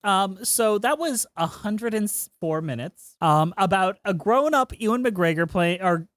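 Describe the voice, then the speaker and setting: A woman's voice: medium pitch, expressive, a little slow, dry recording, clean studio sound. A woman hosting a chat podcast, blunt and teasing, swearing casually. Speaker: podcast host.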